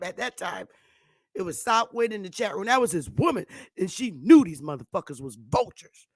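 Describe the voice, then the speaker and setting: A woman's voice: mid-range voice, expressive, normal speed, dry recording, clean studio sound. A woman vlogger delivering a profane, taunting ranting monologue and laughing often.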